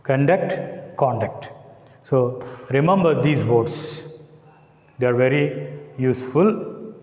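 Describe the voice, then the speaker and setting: A man with an Indian English accent teaching an English lesson, speaking slowly and deliberately and repeating words to model their stress. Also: medium pitch, a little mellow. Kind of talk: classroom lecture. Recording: echoey classroom, voice sometimes off-mic.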